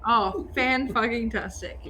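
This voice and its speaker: A woman's voice: fairly high pitch, slow pace, pushed and bright, rough recording. A woman with an Australian accent playing a tabletop game, playful and giggly, blunt when she speaks in character. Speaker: player.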